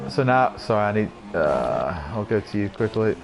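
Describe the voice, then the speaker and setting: A man with a croaky voice giving excitable live commentary on an online racing league, rising to yells at incidents. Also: fairly low pitch, normal speed, background noise.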